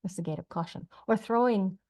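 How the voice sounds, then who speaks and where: A woman's voice: mid-range voice, fairly quick. A woman teaching a class from slides, talking casually and acting out short quoted phrases in changing voices. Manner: animated, acts out quoted phrases in varied voices. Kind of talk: lecture on a system with slides.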